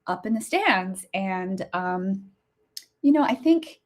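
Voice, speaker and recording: A woman's voice: mid-range voice, fairly bright tone. A woman in her forties telling a personal story as a podcast host, chatty and laughing, turning emotional and teary. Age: 40s.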